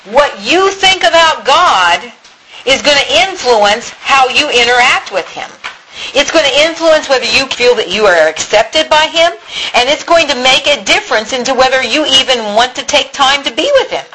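A woman giving a church talk in an earnest, encouraging way. Her voice is bright and forward, with faint noise behind it. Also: high-pitched, expressive, normal speed, rough recording. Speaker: speaker in a church teaching. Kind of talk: sermon.

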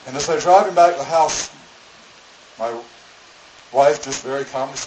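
A man's voice: fairly high pitch, moderate pace, pauses often, a little mellow. Echoey storytelling male preacher. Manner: storytelling, acts out voices in quotes. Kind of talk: sermon. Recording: echoey room with background noise.

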